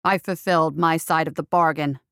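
A woman reading a storybook voicing a smug, fleshy male aristocrat in a lower, quieter, oily voice. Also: fairly even intonation, moderate pace, clean tone, no echo, studio quality.

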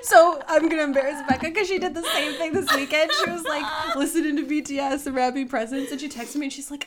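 A woman's voice: sits high, fairly even intonation, brisk, hardly any pauses. A woman co-hosting a podcast, chiming in with bubbly, laughing remarks. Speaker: podcast co-host. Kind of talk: casual chat.

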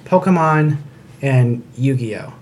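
A man's voice: medium pitch, animated, slow pace, slight background noise. A man co-hosting a casual podcast chat, dry and irreverent, asking blunt questions and swearing casually. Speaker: podcast co-host.

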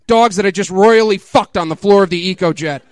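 High, clear-voiced man reading with laughter. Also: a little fast, no echo, clean studio sound. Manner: laughing, incredulous asides. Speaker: comedic reader. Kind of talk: mock dramatic reading.

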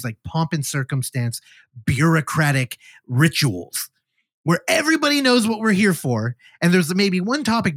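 A male podcast host who tells film stories casually and at length. His pitch sits a little high and swings a lot. The recording is dry and close. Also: dry recording. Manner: rambling storyteller, animated retelling. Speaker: podcast host reviewing films. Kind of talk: casual chat.

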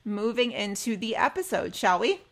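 A woman's voice: mid-range voice, very animated, moderate pace, fairly bright tone. A young woman co-hosting a fan podcast, chatting casually and gushing with enthusiasm. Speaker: podcast co-host.

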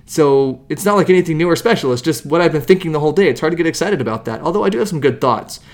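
A man co-hosting a casual sports podcast from a room in a home, talking into a shared microphone with animated, playful exaggeration. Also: fairly high pitch, racing. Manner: animated, joking, tells stories with playful exaggeration. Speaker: podcast co-host. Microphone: shared studio microphone.

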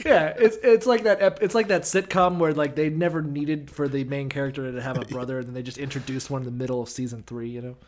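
A man's voice: mid-range voice, steady tone, background noise. A man co-hosting a comedy podcast, joking irreverently and swearing freely in casual banter. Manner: profane, irreverent, quick to laugh. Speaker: podcast co-host.

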